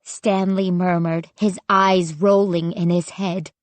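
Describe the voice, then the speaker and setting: A woman reading a spooky children's audiobook in measured, suspenseful scripted narration. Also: on the low side, little pitch movement, no echo.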